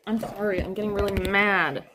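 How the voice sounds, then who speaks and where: A woman's voice: mid-range voice, fairly even intonation, fairly quick, raised voice, very noisy. A young woman streamer chatting casually and rambling while dog sitting at someone's house. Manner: chatty, rambling, self-talk with fillers. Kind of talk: casual live-stream chat.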